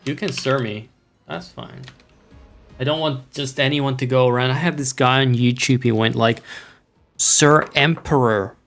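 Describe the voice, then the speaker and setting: A man's voice: medium pitch, moderate pace, creaky, a bit bright, faint music behind. Wry rambling man streaming a game. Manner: rambling, wry, swearing, mock-imperious. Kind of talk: casual gameplay chat with viewers.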